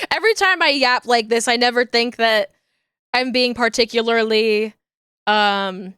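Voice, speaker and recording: A woman streamer chats casually with her viewers in a high, smooth voice. She rambles, giggles a lot and stops to hunt for the right word. The sound is close and dry, with no room in it. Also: a little slow, fairly bright tone, no room sound. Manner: rambling, giggly, searches for words.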